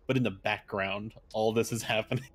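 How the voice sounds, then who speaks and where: A man playing in a tabletop game who quietly describes his character's actions. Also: on the low side, fairly even intonation, fairly quick. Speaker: player.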